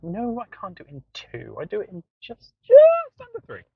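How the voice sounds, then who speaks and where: A man chats and tells stories with lots of laughter and the odd swear word. His pitch leaps around, sitting a little high for a man. The recording is dry and slightly dull. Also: fairly quick, creaky, slightly rough, no room sound. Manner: animated storyteller, laughs often, swears. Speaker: podcast co-host. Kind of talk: casual chat.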